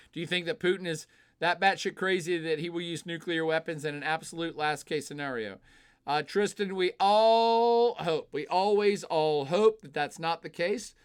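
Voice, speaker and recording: A man's voice: on the high side, smooth. A man hosting a live stream, reading chat questions and answering in a blunt, opinionated, casual way, with plenty of filler sounds and the odd swear.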